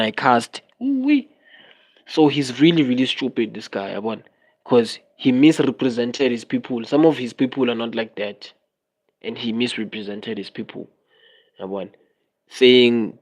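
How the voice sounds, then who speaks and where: A man with a South African accent chatting casually on a livestream, rambling and animated, often switching between languages. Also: medium pitch.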